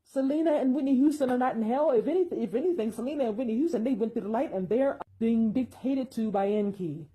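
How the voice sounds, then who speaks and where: A woman's voice: a little high, quick pace, few pauses, mellow, breathy edge, low-quality recording. A woman giving an emphatic, repetitive spoken monologue, dismissing claims with force.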